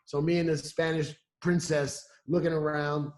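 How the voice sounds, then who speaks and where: A man, the podcast guest, tells a story with lots of animation, leaning into the voices of the people in it. His voice sits a little high, and the recording carries a roomy echo around him. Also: moderate pace, slight background noise. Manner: animated, acting out quotes with restarts. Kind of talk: casual storytelling.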